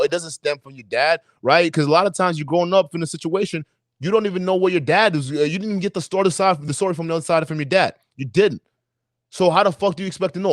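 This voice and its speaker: A young adult man on a livestream chat, telling personal stories in a lively, profane way and acting out the voices of people he quotes. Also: on the high side, no room sound. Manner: animated storytelling, acts out quoted voices, profane. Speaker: podcast co-host.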